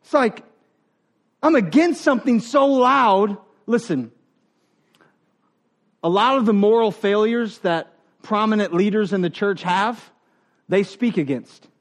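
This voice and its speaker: A man preaching a sermon as pastor, animated and joking, acting out quoted voices and laughing with the congregation. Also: high-pitched, measured pace, pauses often.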